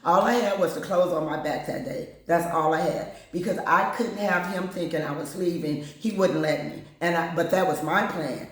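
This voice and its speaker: A woman's voice: fairly low pitch, normal speed, hardly any pauses. A woman recounts her own story with blunt candor, slipping into other people's voices as she goes. She talks casually and plainly, straight to the listener. Her voice rings around a very echoey room. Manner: candid, blunt, acts out other people's lines. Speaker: channel host.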